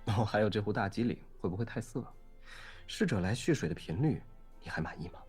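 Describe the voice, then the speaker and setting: A man voicing a suave, teasing wealthy ship investor in a game, speaking with an audible smile in a husky voice. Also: on the low side, lively intonation, quick pace, a little mellow, faint music behind. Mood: probing. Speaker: game voice actor. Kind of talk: game voice acting.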